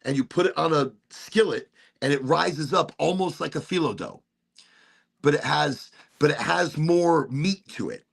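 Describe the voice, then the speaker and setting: A man hosting a casual podcast chat, telling stories in an animated way and swearing freely. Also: fairly high pitch, a little slow, vocal fry, husky. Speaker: podcast host.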